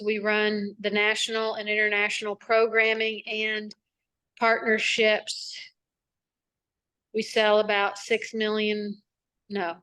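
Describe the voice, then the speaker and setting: A woman's voice: on the high side, fairly bright tone. A middle-aged woman, a nonprofit founder, answering interview questions over a video call in a chatty, rambling way full of asides and fillers.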